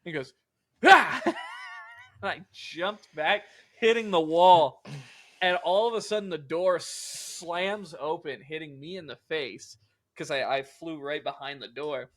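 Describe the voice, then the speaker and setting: A man's voice: on the high side, measured pace, no room sound. A young man casually telling a long story on a podcast, rambling and swearing with lots of filler words. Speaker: podcast co-host.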